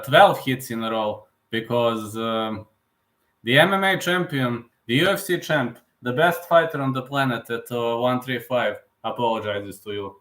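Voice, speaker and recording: A man's voice: medium pitch, fairly bright tone. Man, live stream host, casual commentary, rambling, repetitive, non-native phrasing.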